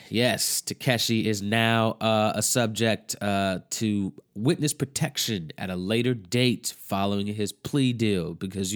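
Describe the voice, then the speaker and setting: A man hosting a casual podcast with a fairly low voice. He talks in a loose, excitable way, swearing often and leaning on fillers as he riffs. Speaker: podcast host. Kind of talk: casual chat.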